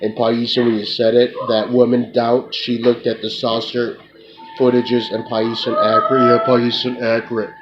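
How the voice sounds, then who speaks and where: Flat-voiced man in a rambling rant. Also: mid-range voice, moderate pace, music in the background. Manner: repetitive, profane, tacks on "duh"; addresses an unseen listener. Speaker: self-described remote viewer. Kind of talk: rambling monologue. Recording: muffled lo-fi with loud hiss.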